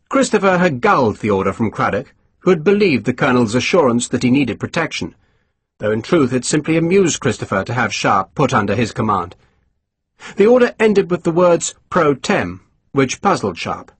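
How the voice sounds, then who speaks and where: A man narrating a historical adventure audiobook, moving his pitch around freely. His voice has a light huskiness. The recording is close and dry. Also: breathy edge, no room sound. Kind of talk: scripted narration.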